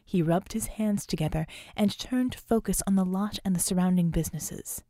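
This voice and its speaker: A woman narrating an adventure audiobook in a mellow, relaxed tone. Her reading is even and clear, recorded close and dry with no room sound. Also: medium pitch, normal speed, few pauses, dry recording. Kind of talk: scripted narration.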